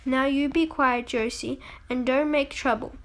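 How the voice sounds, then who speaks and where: A woman voicing a calm, loyal old grandfather in a storybook reading. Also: high voice, measured pace.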